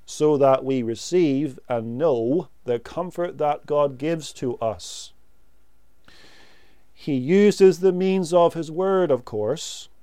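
A man preaching a sermon, slow and emphatic, pressing key words and letting phrases fall away softly. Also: a little high, smooth, no echo.

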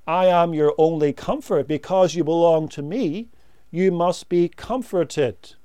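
Slow, emphatic male preacher. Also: fairly high pitch, warm tone, dry recording. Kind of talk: sermon.

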